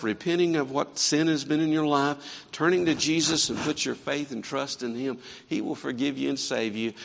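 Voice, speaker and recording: A man preaching a sermon in a church, swinging between quiet earnest stretches and fervent raised passages. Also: mid-range voice, gravelly, big-room sound. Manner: impassioned preaching with rising and falling intensity. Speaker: pastor. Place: church sanctuary.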